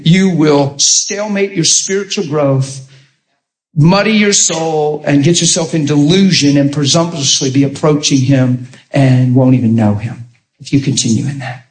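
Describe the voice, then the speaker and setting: Animated male preacher in an echoey room. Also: a little high, moderate pace. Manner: animated storytelling, acting out quotes. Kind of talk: sermon.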